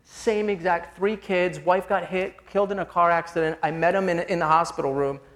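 A male preacher with a notably high-pitched voice delivers a sermon. He speaks in an earnest, confessional way and keeps it conversational, calling his listeners "gang" as he weaves personal stories into scripture. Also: fairly even intonation, normal speed, a bit bright.

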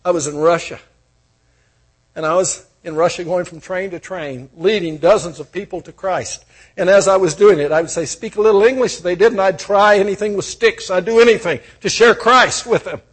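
An older man with a husky voice preaching a sermon, moving from quiet storytelling to loud, fervent proclaiming. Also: high voice, normal speed. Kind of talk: sermon with personal stories.

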